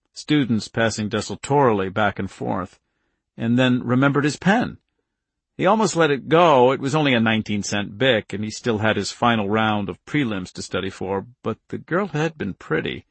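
A man reading a novel aloud in steady scripted narration, in a dry studio recording. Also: lowish voice, normal speed, vocal fry, breathy edge, no room sound. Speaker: audiobook narrator.

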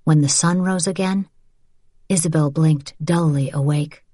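A woman reading a novel aloud as an audiobook narrator, in even, measured storytelling. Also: sits low, breathy edge, no echo, clean studio sound. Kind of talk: scripted narration.

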